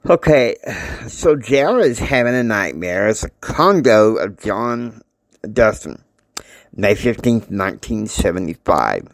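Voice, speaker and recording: A man casually retelling a family drama story in a rambling, halting way with many fillers. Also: fairly low pitch, sing-song, dry recording.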